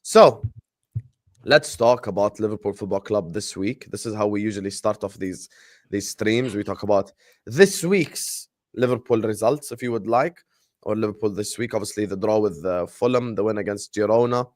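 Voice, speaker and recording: A man hosting a casual live football chat stream, giving loud shout-outs to his viewers. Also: on the low side, moderate pace, no room sound, clean studio sound. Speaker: host.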